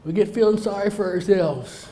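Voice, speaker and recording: With a warm voice that sits high and a moderate pace, this middle-aged man speaks directly to a live audience as a motivational speaker. He tells a funny personal story in a folksy, joking way, and the hall's roomy reverb and faint noise come through.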